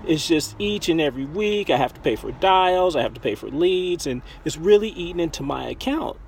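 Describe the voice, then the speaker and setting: A man's voice: a little high, animated, fairly quick, slight background noise, pitched above the performer's own voice. A man voicing a frustrated woman network marketer, who complains in long run-on lists.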